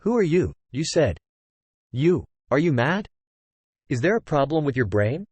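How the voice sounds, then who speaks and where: A man's voice: a little high, sing-song, a little slow, darkish tone, slightly rough, no room sound, heavily acted. A synthetic male narrator voicing a hot-tempered young woman fighter who speaks curtly, swears and fires off pressing questions.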